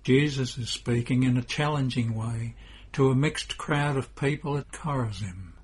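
A man reading a devotional story as narrator in a slow, measured way. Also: mid-range voice, husky.

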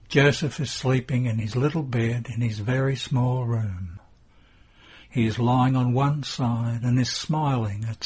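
Man, audiobook narrator, religious reading, measured and reverent, very breathy husky voice, slow pace. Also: mid-range voice, darkish tone. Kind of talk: scripted narration of a religious text.

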